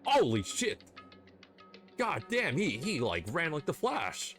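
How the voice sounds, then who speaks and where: A man streaming a game, voicing its dialogue and reacting with excited swearing. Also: a little high, takes it slowly, soft background music. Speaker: gaming streamer. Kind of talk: voicing a fan game's dialogue with live reactions.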